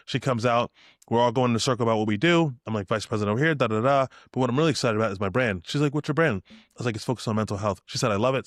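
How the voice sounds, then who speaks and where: A man's voice: mid-range voice, no echo, clean studio sound. A young man, a podcast guest, telling stories with spirit and acting out the lines of people in them. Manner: acts out dialogue in shifted voices, spirited. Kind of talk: animated storytelling.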